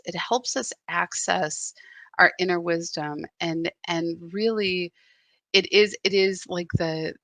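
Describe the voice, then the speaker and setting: A woman's voice: on the low side, a bit bright, no echo. A woman spiritual guide giving a live meditation talk, telling a candid story that turns reflective.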